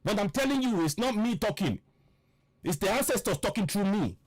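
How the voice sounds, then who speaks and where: A man's voice: high-pitched, animated, a little fast, no room sound. A man giving an impassioned political monologue, fervent and preachy, repeating himself and firing rhetorical questions. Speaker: political commentator.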